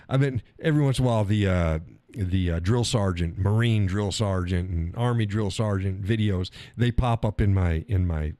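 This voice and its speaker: A middle-aged man hosts a live stream, giving a casual, opinionated monologue that is blunt, profane and punctuated by frequent laughter. His voice is lowish with a darkish tone, and the recording is dry.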